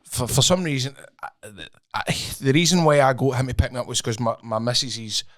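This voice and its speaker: A man's voice: medium pitch, fairly quick, no room sound, studio quality. A Scottish man co-hosting a podcast, telling an anecdote in casual banter and breaking into laughter. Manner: expressive storyteller, breaks into laughter. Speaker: podcast co-host.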